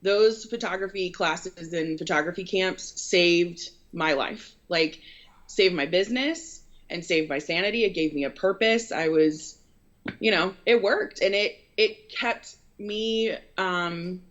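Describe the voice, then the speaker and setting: Earnest woman storyteller, lowish voice, rambling, dull lo-fi sound. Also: slow pace, a bit bright. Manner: earnest, rambling with many fillers. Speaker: photographer and business owner. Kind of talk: casual interview storytelling. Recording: dull lo-fi recording.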